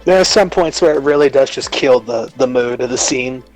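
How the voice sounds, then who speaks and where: A man's voice: medium pitch, moderate pace, soft background music, rough recording. A man joining an interview as co-host, chiming in with laid-back, jokey remarks. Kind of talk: casual chat interview.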